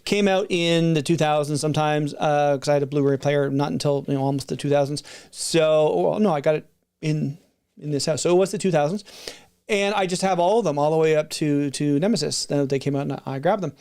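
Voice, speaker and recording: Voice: mid-range voice, fairly even intonation, a little fast, a little mellow, smooth. Middle-aged speaker, casual vlog chat, rambling, lots of self-corrections and asides. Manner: rambling, frequent restarts and asides. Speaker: video creator reviewing film releases.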